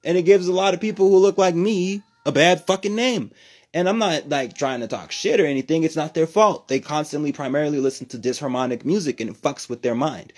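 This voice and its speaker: A man from New Mexico hosting a casual livestream from home, talking in a profane, rambling, animated way. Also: fairly high pitch, fairly quick. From New Mexico, USA. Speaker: livestream host.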